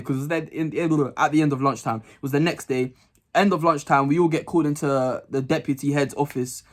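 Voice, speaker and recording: A man's voice: fairly high pitch, a little fast. A young man telling a school story to his channel, acting out the voices and laughing often. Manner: animated, acts out dialogue, laughs a lot. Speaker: vlogger. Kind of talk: casual storytime.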